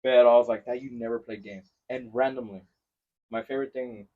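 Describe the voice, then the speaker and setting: Fast-talking bilingual podcast host, lo-fi. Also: male voice, medium pitch. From Mexico-Texas border region. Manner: switches between English and Spanish, animated storytelling. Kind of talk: casual chat. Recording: lo-fi podcast recording.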